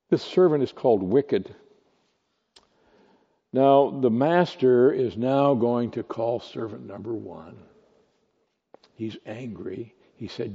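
Man preaching, warm husky voice, unhurried, long reverberant hall, dull lo-fi sound. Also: mid-range voice. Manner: slow, deliberate teaching with rhetorical questions. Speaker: pastor. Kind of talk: expository sermon.

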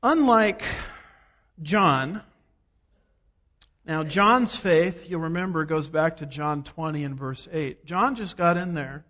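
Man, preaching in an emphatic, folksy way; high voice, long reverb in a big hall, dull sound. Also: slow pace, long pauses, bright, forceful tone. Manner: emphatic, rhetorical questions, folksy asides. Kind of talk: sermon.

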